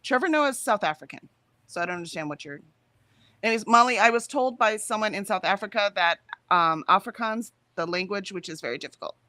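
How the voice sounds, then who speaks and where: A woman's voice: mid-range voice, animated, brisk, pushed and bright, no echo. An American woman co-hosting a livestream in casual chat, reading out viewer comments and laughing often. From United States. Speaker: livestream co-host.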